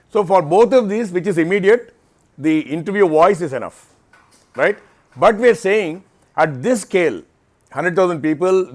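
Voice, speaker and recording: A man, giving an informal talk to interns at an onboarding session, explaining things patiently and often checking in with "right?". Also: on the high side. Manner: explanatory, frequent "right?" tag questions. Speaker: program lead addressing interns. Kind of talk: informal presentation with Q&A. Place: auditorium or lecture hall.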